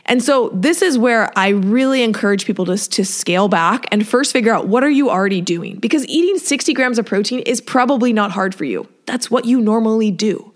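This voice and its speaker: A woman's voice: a little high, brisk. A woman fitness coach talking casually and encouragingly, often acting out what her clients say. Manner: chatty, encouraging, acts out clients' voices. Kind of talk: solo podcast talk.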